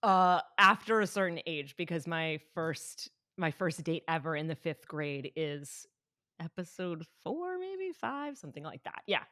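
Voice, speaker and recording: Woman guesting on a podcast, low-ish voice, joking and flirty, dry close sound. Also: measured pace, dry recording. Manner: playful, flirty and animated. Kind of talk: casual podcast chat. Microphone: remote call from home.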